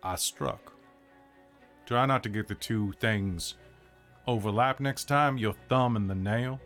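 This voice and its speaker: A man voicing an unbothered male doctor who answers calmly and dryly. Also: on the low side, slow pace, soft background music.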